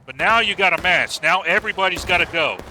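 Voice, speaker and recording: A man casting a large online battle match live, excitable and profane, urging players on and praising plays. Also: sits high, fast talker, a little hiss or hum. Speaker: match caster. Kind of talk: live game commentary.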